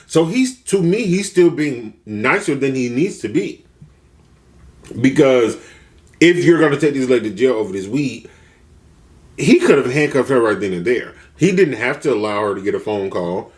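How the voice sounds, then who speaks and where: A man's voice: medium pitch, normal speed. A man retelling a story casually for a food vlog, acting out the people he quotes. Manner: animated, acts out quotes with shifting voices. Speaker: mukbang vlogger.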